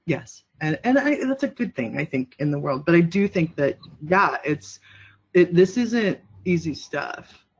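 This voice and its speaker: A woman's voice: lowish voice, lively intonation, unhurried, husky, muffled recording. A woman giving a casual webinar presentation and answering questions, chatty and rambling, with lots of fillers.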